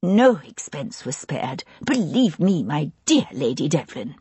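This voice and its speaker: Lady doing a gushy bragging hostess in an audiobook, low husky voice, swoops around a lot. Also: very animated, unhurried, dark tone, dry recording, heavily acted. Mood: confiding. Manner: gushing and confiding. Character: chattering, boastful middle-aged hostess.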